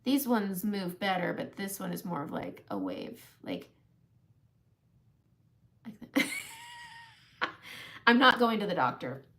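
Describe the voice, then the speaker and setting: Slowly and with frequent pauses, a woman in her forties tells a long funny story on a makeup live stream, her mid-range voice sing-song and fairly bright. She's chatty, laughs at herself often, and keeps the storytelling casual and self-mocking.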